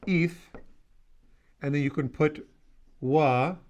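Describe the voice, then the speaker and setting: A man's voice: on the high side, slow pace, a little mellow. A male language teacher giving a classroom lesson, blunt and teasing, leading the class in drills.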